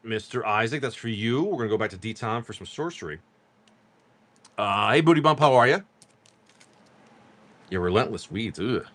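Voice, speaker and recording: A man's voice: fairly low pitch, lively intonation, normal speed, long pauses, a bit bright, no room sound. A man chatting casually on a live stream, joking with viewers while he reads off cards. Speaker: card-break livestream seller.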